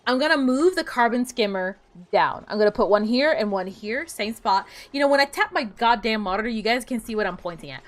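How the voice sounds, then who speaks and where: A woman's voice: a little high, expressive, fairly quick, few pauses. A woman streaming a game, chatting casually, muttering to herself and breaking into playful outbursts.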